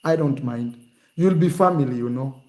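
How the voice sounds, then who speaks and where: A man talking casually and teasingly in a vlog, animated and jokey. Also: medium pitch, normal speed. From Kenya. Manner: animated, teasing, shifts to mock accents. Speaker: vlogger.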